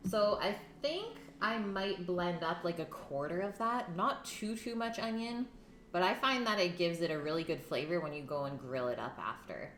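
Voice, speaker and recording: Speaking at normal speed, a young woman uses a lowish, expressive, fairly bright voice. She runs a casual home-kitchen cooking stream, chatting away, naming viewers aloud, and talking while eating, with echo and faint music in the room.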